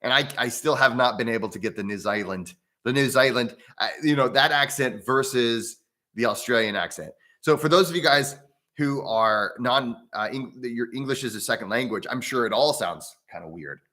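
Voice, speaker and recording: A man's voice: mid-range voice, moderate pace, pushed and bright. An American man hosting a casual livestream about breathwork, rambling with many restarts and chatting with viewers. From United States. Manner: reads out viewer comments and chats with them. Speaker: breathwork channel host.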